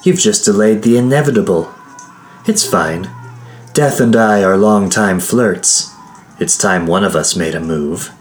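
A woman's voice: very deep voice, unhurried, faint music behind, voice pushed up. Man putting on a hissing sardonic woman fighter. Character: sharp-tongued fatalistic woman fighter.

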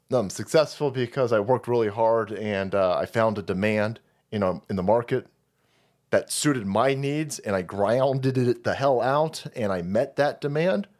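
A man's voice: medium pitch, big pitch swings, normal speed. A man hosting a livestream, delivering a heated, profane and mocking political rant. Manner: foul-mouthed, mocking, heated ranting. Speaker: streamer host.

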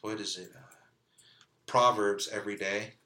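California guy telling his story, super bright forceful voice, lots of like and you know. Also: fairly low pitch, steady tone, moderate pace. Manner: candid and conversational, peppered with "like" and "you know". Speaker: interview guest sharing testimony. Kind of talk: casual storytelling.

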